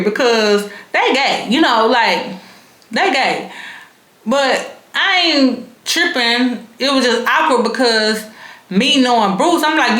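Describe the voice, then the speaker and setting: A woman's voice: a little high, expressive, slow pace, fairly bright tone. A young woman, telling a story to her vlog audience in a frank, slangy, casually profane way. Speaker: vlogger. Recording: roomy echo.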